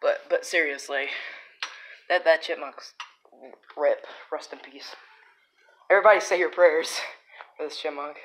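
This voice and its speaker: A woman's voice: low-pitched, steady tone, a little slow, long pauses, rough recording. A woman vlogging at home, exclaiming and teasing as she scolds her cat. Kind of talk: casual vlog narration.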